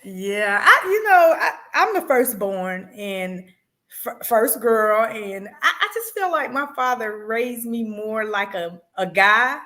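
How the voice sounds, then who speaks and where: Bright-voiced woman author telling stories. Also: on the high side, slow. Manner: storytelling, animated and expressive. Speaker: author guest. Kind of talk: casual chat.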